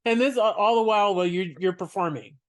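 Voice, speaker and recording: A man's voice: high voice, fast. A man from Canada hosting a podcast interview, laughing often and cutting in with short reactions. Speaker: podcast host. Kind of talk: casual interview chat.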